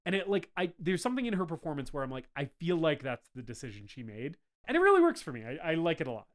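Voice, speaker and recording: A man's voice: fairly high pitch, wildly swooping pitch, fast talker. A man co-hosting a movie podcast, talking casually and acting out scenes from the film in voices. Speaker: podcast co-host. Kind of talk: casual movie review chat.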